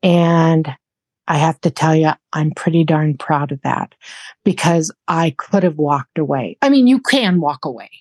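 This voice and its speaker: Candid woman in her sixties, low voice. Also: a little slow, no room sound. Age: 60s. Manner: soft-spoken, candid, repeats phrases while thinking. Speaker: interview guest. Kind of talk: reflective podcast conversation.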